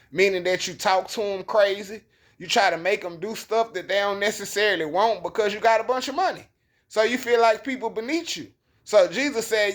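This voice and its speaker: In a casual preaching monologue, a Bible teacher recounts scripture in relaxed slang, emphatic and conversational. His voice is high-pitched and a bit bright.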